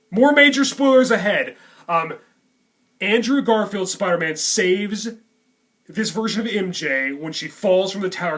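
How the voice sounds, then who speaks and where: A man's voice: a little high, fairly bright tone. A man giving a casual movie review, rambling with lots of fillers. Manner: rambling, many "um" and "you know" fillers. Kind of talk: casual reaction vlog.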